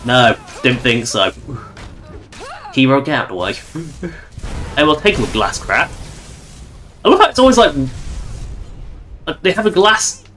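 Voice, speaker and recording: A man's voice: mid-range voice, very animated, a little slow, pauses often, fairly bright tone. A man from England giving rambling, chatty gameplay commentary on a livestream. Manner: rambling, chatty, with frequent restarts. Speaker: game streamer.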